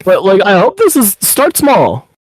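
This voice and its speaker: A man's voice: sits high, wildly swooping pitch, measured pace, darkish tone, no echo. A man co-hosting a podcast in a casual chat, talking in loose rambling runs full of 'like'. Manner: rambling, upbeat, heavy use of 'like'. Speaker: podcast co-host.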